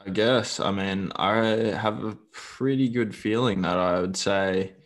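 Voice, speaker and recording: A man with a very low voice. He co-hosts a sports podcast and chimes in with dry, unhurried quips during a casual chat. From Australia. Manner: dry, laid-back quips. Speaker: podcast co-host.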